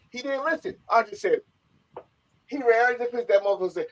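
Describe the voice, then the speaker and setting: A man on a podcast in casual chat, excitable and loud, who often acts out other people's lines. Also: very high voice, a little fast, rough recording. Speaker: podcast co-host.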